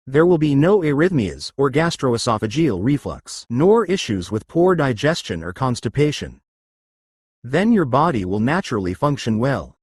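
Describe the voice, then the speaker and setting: An exercise and breathing instructor coaches listeners through stretches and breathing drills, giving step-by-step commands one at a time. His husky, dry voice has lively rises and falls in pitch, with no room sound around it.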